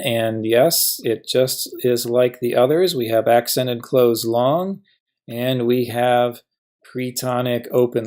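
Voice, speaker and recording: Male teacher, mid-pitched, patient lecture voice that poses and answers its own questions. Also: darkish tone. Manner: patient, asks questions and answers them himself. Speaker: Hebrew teacher. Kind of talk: classroom grammar lesson.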